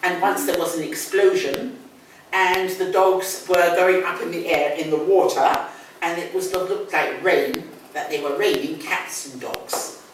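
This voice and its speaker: Older London woman, patient English teacher. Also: fairly low pitch. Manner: patient, explains slowly, repeats key words. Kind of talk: one-on-one language lesson. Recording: echoey room, distant mic, faint noise.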